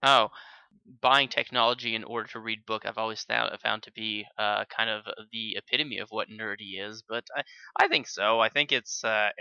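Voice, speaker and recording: A male podcast co-host thinks aloud, stopping and restarting often. His voice is very bright and gravelly yet smooth, and the sound is dry, recorded remotely from home. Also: fairly low pitch, normal speed, dry recording, muffled recording. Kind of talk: casual podcast chat.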